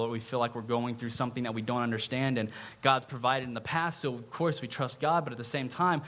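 A young man preaching a conversational sermon to his church, loud and animated, often checking in with "right?". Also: mid-range voice. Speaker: pastor.

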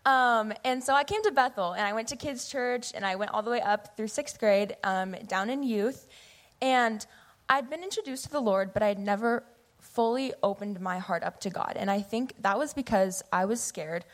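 A young woman in her late teens from the US Pacific Northwest, giving an earnest, animated personal testimony into a church microphone. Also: on the high side, moderate pace. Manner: earnest, animated, acts out her past self in quotes. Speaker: youth member giving testimony. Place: church sanctuary. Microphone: microphone at a pulpit or stage.

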